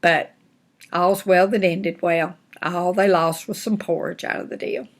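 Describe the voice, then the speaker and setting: A woman's voice: fairly low pitch, measured pace. Folksy older woman telling a story. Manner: folksy, animated, homespun phrasing. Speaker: grandmother reading stories. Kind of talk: storytelling to grandchildren.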